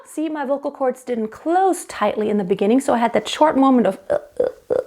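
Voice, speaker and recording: A woman's voice: high voice, lively intonation, fairly quick, dark tone. A young woman teaching vocal technique, explaining step by step and breaking off to demonstrate sounds. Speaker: singing teacher.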